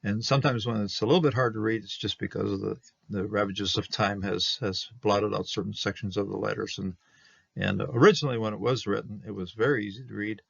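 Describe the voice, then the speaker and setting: A man explaining a Hebrew Bible manuscript, halting with many fillers and restarts as he reads words slowly. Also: lowish voice, steady tone, fairly bright tone, no room sound. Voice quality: gravelly and husky. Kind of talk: unscripted explanatory study talk. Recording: dull lo-fi dry recording.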